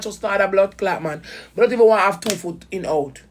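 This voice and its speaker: This vlogger's medium-pitched voice moves fast as she rants emotionally to viewers about a betrayal. She has a Jamaican accent and swears in patois, clearly heated.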